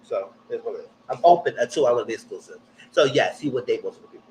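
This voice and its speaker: A man giving a blunt, slangy live recap of a TV show, jumping up high in pitch when he quotes people. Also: rapid-fire, a little hiss or hum, poor audio. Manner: animated, jumps high when quoting people. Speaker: TV recap streamer. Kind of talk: live casual TV recap commentary.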